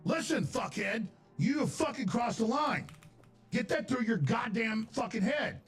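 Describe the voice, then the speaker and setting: A man putting on the voice of a furious man who shouts and swears threats. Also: very high voice, lively intonation, a little slow, faint music behind, pitched above the performer's own voice.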